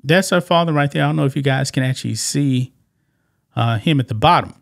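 A man's voice: medium pitch, a little fast, creaky. A man hosting political commentary over clips, emphatic and repetitive, who keeps tossing in "man". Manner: emphatic, repeats points and keeps saying "man". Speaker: commentary channel host.

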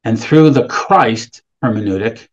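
Speaking remotely from California, a man preaches a sermon, reading scripture aloud with rising emphasis and then explaining it plainly. His mid-range voice is unhurried, and the audio is dull.

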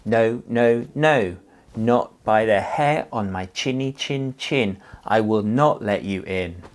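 A man's voice: lowish voice, slow pace. A male teacher voicing a little pig in a children's story who refuses the wolf in a raised, emphatic voice. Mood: defiant.

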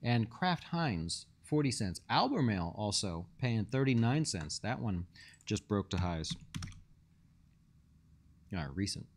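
A man's voice: lowish voice, sing-song, slow, long pauses, a little hiss or hum. A man hosting a live stock market show as a fund manager, reading viewer questions and talking loosely with many fillers and restarts.

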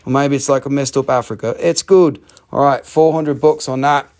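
A man's voice: mid-range voice, steady tone, moderate pace, darkish tone. A man selling rocks and minerals on a live stream, joking around, rambling and swearing casually. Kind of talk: casual live sales chat.

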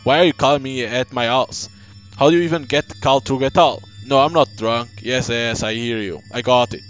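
A man voicing a hard-drinking, struggling male writer who talks gruffly and curses a lot. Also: mid-range voice, normal speed, faint music behind, natural voice, poor audio. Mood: tense. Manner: reads game dialogue aloud, gruff and cursing.

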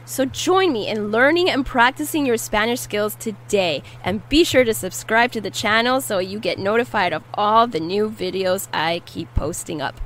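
A woman teaching a language lesson, repeating each word slowly and carefully. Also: medium pitch, a bit bright, slight background noise, rough recording. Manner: slow, careful repetition of words. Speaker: Spanish teacher.

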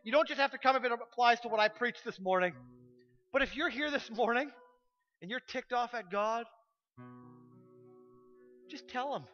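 A man preaching a sermon as pastor, passionate and swinging from loud urgency to hushed pleading. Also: extremely high pitch, brisk, lo-fi sound, faint music behind. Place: church sanctuary.

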